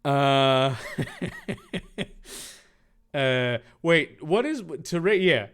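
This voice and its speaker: A man's voice: mid-range voice, animated, extremely slow, a bit bright, smooth. A man reading a fan fiction aloud in a comedic read-through, with sarcastic, mocking asides and frequent stumbles.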